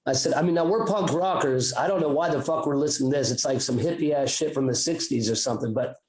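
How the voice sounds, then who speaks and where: A man's voice: on the high side, fast talker, a little mellow, roomy sound, poor audio. A man hosting a podcast, telling a rambling, profane story and acting out the voices of the people in it. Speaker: podcast host. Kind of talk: casual storytelling.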